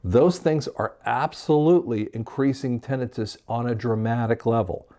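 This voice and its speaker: Guy doctor from a hearing clinic chatting to camera, warm mellow voice, lots of ums and pauses. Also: medium pitch. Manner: conversational, with fillers and frequent pauses. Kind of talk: casual explanatory talk to camera.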